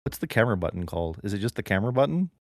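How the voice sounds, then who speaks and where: A man's voice: on the low side, very animated, racing. A man in his thirties co-hosting a podcast, chatting in a playful, jokey way. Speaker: podcast co-host. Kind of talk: casual chat.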